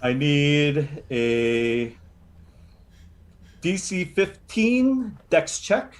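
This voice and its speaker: A man narrating a tabletop role-playing game as game master, telling the story in a lively way with many fillers. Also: fairly high pitch, drawn-out words.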